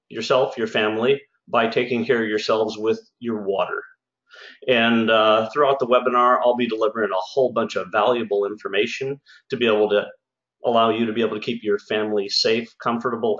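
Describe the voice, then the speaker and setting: In a slightly dull recording from an echoey room, a home services business owner chats his way through an informal sales webinar. He's upbeat and folksy, his mid-range voice a touch bright.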